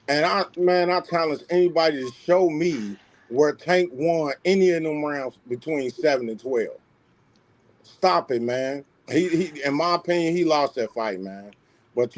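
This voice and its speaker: A man's voice: medium pitch, dry recording. Guy on a sports stream calling the fight, confident and emphatic, dry sound. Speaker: panelist on a sports talk stream. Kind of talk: casual sports chat.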